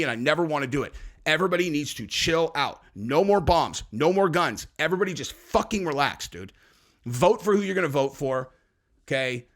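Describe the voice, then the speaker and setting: A man's voice: fairly high pitch, fairly bright tone. A man hosting a podcast, ranting in a heated, profane, scolding way. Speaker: podcast host. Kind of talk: political rant on a podcast.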